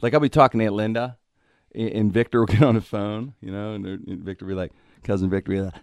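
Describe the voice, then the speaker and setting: Lower-voiced, rambling male host. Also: steady tone, quick pace, creaky, a little mellow, no echo, clean studio sound. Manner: rambling storyteller with frequent laughs and restarts. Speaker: radio show host. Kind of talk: casual chat.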